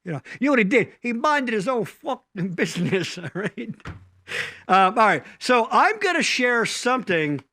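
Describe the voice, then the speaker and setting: A man's voice: high voice, very animated, bright, forceful tone, dry recording, studio quality. A man co-hosting a casual live stream, rambling, swearing a lot and laughing easily. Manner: profane, rambling, quick to laugh. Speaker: co-host.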